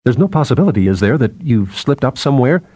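A man's voice: sing-song, fast talker, warm tone, no room sound. A man voicing an anxious young male assistant professor who speaks in a strained, agitated way. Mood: distressed. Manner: agitated, strained, rising in pitch.

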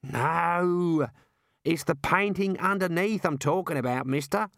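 A man putting on a wily male kangaroo, higher voice, chummy and coaxing, storybook. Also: unhurried, fairly bright tone, no room sound, clean studio sound. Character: wily talking male kangaroo guide, matey and cheeky.

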